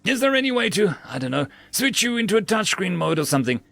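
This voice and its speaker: A man voicing a furious, exhausted male crewman who shouts and swears. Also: high-pitched, very animated, fast talker, gravelly, dry recording, pitched above the performer's own voice, exaggerated voice.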